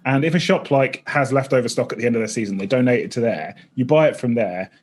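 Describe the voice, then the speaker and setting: A man in his thirties, a streamer and former stand-up comic, chatting excitably in a rambling interview full of tangents. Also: medium pitch, fast. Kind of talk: casual interview chat.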